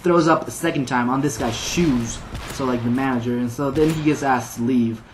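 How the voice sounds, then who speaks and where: Speaking at a normal speed with a medium pitch, a male gameplay commentator rambles through a story, filling nearly every pause with "like." He laughs at his own tale at times, and a faint hiss or hum sits under the audio.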